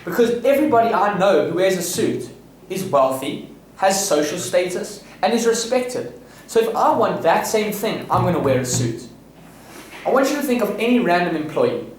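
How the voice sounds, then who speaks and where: A man from South Africa delivers rambling, boastful self-improvement advice, full of restarts and confident asides. His voice sits a little high for a man. He is heard from some distance in a very echoey room, with faint ambience underneath. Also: slight background noise. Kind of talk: casual advice monologue.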